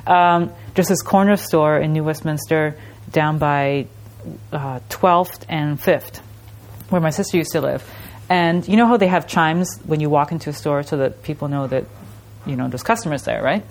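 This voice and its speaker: Lowish woman's voice, lively storyteller, mimics sounds, laughs a lot. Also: moderate pace. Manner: animated storytelling with laughs and imitations. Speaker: artist guest. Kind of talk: casual interview chat.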